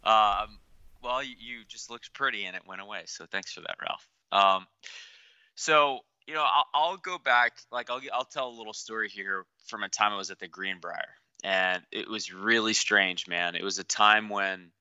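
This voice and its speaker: A man co-hosting a podcast over a remote call, telling a rambling story with halting restarts. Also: fairly low pitch, bright, forceful tone, clear, resonant tone, dry recording, lo-fi sound. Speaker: podcast co-host. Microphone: remote call setup.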